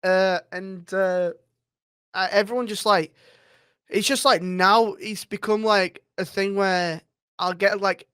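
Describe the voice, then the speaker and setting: A man rambles through a casual interview as a streamer guest, swearing freely. His voice sits at an ordinary pitch. The sound is dry and close. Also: fairly even intonation, takes it slowly, sharp tone, clear, resonant tone, no room sound.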